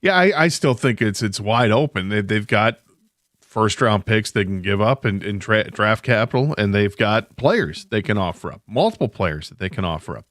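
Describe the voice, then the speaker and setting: Animated male radio co-host. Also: fairly low pitch, normal speed, no room sound, studio quality. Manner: animated, teasing banter. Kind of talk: casual sports talk radio.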